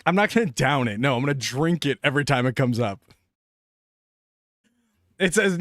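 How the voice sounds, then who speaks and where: A young man chatting casually on a live stream, excitable and laughing often. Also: mid-range voice, moderate pace, long pauses, dry recording, studio quality.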